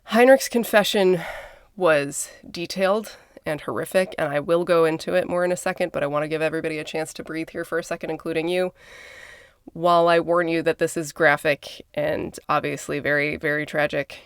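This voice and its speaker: Gravelly woman podcast co-host from Minnesota, casual true-crime storyteller with blunt asides, dry close sound. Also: low-pitched, steady tone, fairly quick, no room sound. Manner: conversational, blunt asides and swearing.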